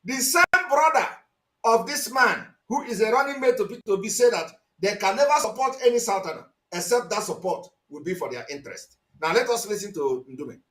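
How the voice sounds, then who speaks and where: A Nigerian man speaking in a very high, bright voice, commenting on played clips with mounting passion. He fires off rhetorical questions and breaks into shouts. The sound bounces around an echoey room. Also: expressive, a little fast. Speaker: commentator on a live stream.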